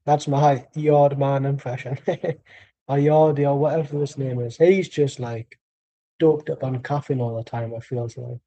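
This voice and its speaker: A man's voice: medium pitch, steady tone, a little slow, dark tone. A man streaming a live football watchalong, giving dry, rambling chat and calling out plays. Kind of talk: casual match commentary and chat.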